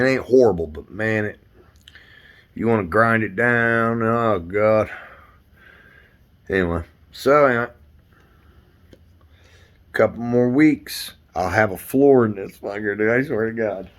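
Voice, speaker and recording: Unhurried and on the low side, the voice belongs to a roofer and hobby car builder filming a workshop vlog on his phone. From his home garage he rambles on, cursing and frustrated.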